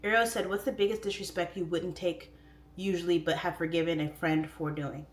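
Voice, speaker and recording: A middle-aged woman hosting a livestream, rambling casually and swooping into high voices when she quotes herself. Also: steady tone, a little fast, reverberant. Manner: chatty, rambling, warm-hearted talk with frequent "like" fillers. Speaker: livestream host. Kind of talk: casual chat. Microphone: phone or webcam.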